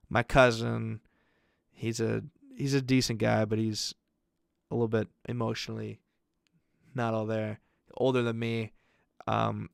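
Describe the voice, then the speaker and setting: A man's voice: medium pitch, gravelly, no echo, studio quality. A young man on a podcast telling a long family story in casual chat, rambling with lots of fillers and swearing. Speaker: podcast co-host.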